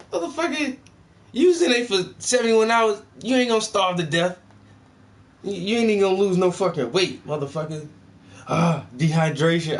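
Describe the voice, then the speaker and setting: A man hosting a reaction video, talking in blunt, profane, mocking casual commentary. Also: on the high side.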